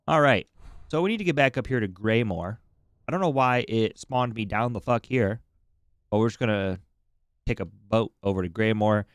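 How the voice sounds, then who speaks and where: A man's voice: lowish voice, moderate pace, smooth. A man streaming a video game, chatting casually in an irreverent, profane, rambling way while coming down with a cold. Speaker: gaming livestreamer. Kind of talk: casual chat while playing.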